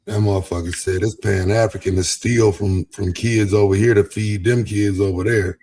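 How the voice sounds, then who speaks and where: A man's voice: on the low side, steady tone, normal speed, mellow, no room sound. A man on a casual livestream panel, blunt and argumentative as he defends his point.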